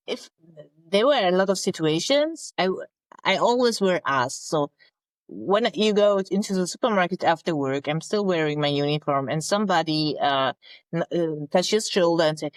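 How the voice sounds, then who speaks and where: A woman, a naval officer telling her story in English as a guest, halting as she searches for words. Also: fairly low pitch, dry recording, poor audio. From Germany. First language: German. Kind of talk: conversational interview storytelling.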